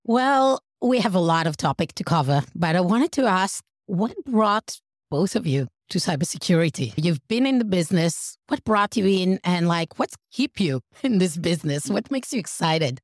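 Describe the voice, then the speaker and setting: A woman's voice: lowish voice, animated, normal speed, no room sound, clean studio sound. A woman co-hosting a podcast, upbeat and welcoming as she leads the talk. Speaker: podcast co-host.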